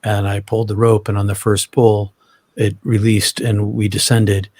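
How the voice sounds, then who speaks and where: A man telling his own story as an interview guest, halting, often restarting and repeating words. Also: on the low side, level tone, darkish tone, dry recording.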